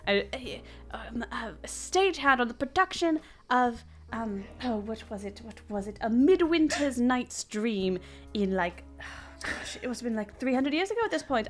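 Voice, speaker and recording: A woman playing a tabletop game, speaking in a rambling, chatty way. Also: a little high. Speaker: player.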